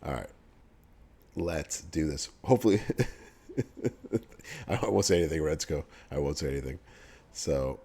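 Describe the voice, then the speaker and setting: A young man with a low, mellow voice hosts a game livestream in a relaxed, chatty way. He laughs easily and talks straight to his viewers as if answering their messages. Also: normal speed, long pauses, breathy edge. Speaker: livestream host for a mobile game. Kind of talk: casual livestream chat, reading game news to chat.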